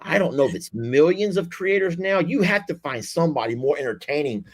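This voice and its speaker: Folksy man, lively pitch. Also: brisk. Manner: folksy, effusive, lots of y'all and sweetie. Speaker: livestream host. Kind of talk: casual chat with callers.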